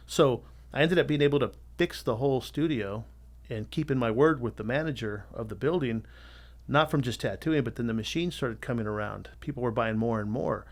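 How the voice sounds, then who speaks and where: A middle-aged man, a tattoo artist guesting on a podcast, telling his story in a candid, animated way and swearing freely. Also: medium pitch, a little fast. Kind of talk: casual storytelling interview.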